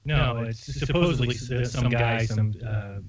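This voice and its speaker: A man's voice: mid-range voice, normal speed, very noisy. Radio host man, muffled lo-fi sound. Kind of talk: casual radio chat.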